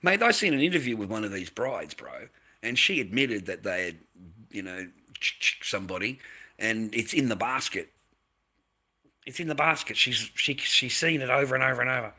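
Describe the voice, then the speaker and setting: A man's voice: medium pitch, lively intonation, normal speed, pushed and bright. An Australian man ranting on a live stream, aggressive and profane, repeating himself and snapping back at viewers in chat. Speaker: livestreamer. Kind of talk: angry live-stream rant.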